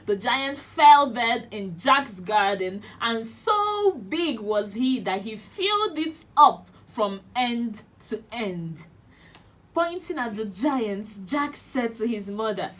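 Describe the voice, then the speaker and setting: A woman's voice: on the high side, sing-song, takes it slowly, a bit bright. A woman with a Nigerian accent, a children's radio host reading a storybook aloud expressively. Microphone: studio radio mic.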